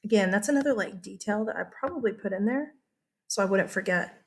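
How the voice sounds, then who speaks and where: A woman's voice: mid-range voice, brisk. A woman history teacher giving a casual, chatty lecture, correcting herself and asking her students questions.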